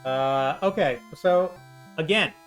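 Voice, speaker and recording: Speaking slowly in a voice on the high side, a man rambles through sarcastic, joke-filled commentary while playing an old role-playing video game. Faint game music plays in the background.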